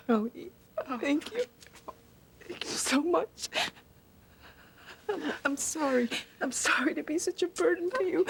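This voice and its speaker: A woman's voice: medium pitch, moderate pace, slight background noise, natural voice. An actress playing a worried, ill woman who sounds weary and emotional. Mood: tearful. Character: worried ill older housekeeper.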